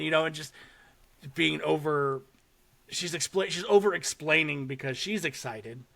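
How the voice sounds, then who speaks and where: A young man hosting a podcast, casually and excitedly retelling a short horror film with swearing and laughter. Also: a little high, normal speed, creaky. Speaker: podcast host. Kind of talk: casual chat.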